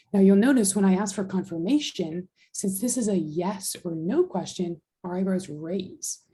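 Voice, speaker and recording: Gravelly-voiced woman teaching a class. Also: mid-range voice, mellow, low-quality recording. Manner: patient, explains step by step. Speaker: sign language teacher. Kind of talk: online class instruction.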